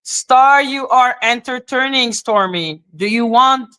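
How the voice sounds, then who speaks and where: A woman's voice: fairly high pitch, takes it slowly, pushed and bright, clear, resonant tone. A woman hosting a livestream, talking bluntly and profanely in a heated rant to her chat. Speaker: livestream host.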